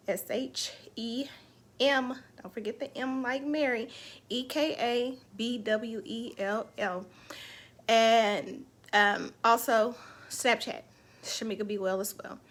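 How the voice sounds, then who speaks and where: A woman's voice: fairly high pitch, steady tone, unhurried, fairly bright tone. A woman hosting an online live show, chatting casually and emotionally about her faith and her week. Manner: emotional, heartfelt, faith-filled talk. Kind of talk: casual livestream chat.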